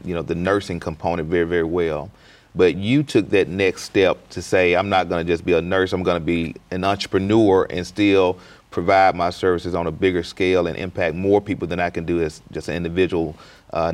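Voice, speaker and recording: A man hosting an interview, asking relaxed questions and answering with short affirmations. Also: deep voice. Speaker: show host.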